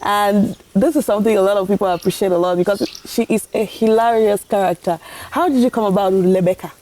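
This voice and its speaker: Woman talk show host, mellow tone, measured delivery, faint hiss behind. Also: medium pitch. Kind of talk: broadcast interview hosting.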